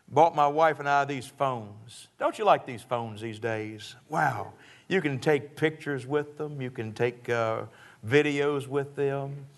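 A man preaching a sermon in a church service, folksy and joking, often chuckling as he talks. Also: a little high.

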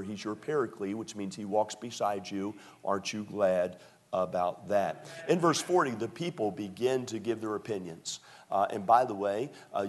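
A man's voice: on the low side, darkish tone. A man preaching a sermon as pastor, folksy joking asides that build into emphatic preaching.

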